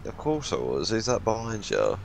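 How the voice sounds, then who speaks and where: A man's voice: lowish voice, huge pitch swings, normal speed, creaky, a crowd in the background. A man playing a police officer in online role-play, bantering playfully and joking about himself. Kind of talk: in-character role-play chat. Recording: noisy game voice chat.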